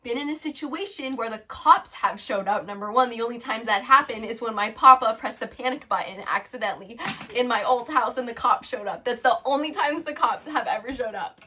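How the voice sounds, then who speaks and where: Teen girl co-host, bright and fairly high voice, self-conscious rambling storyteller. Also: a little fast, few pauses, slight background noise. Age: teens. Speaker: podcast co-host. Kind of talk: casual chat.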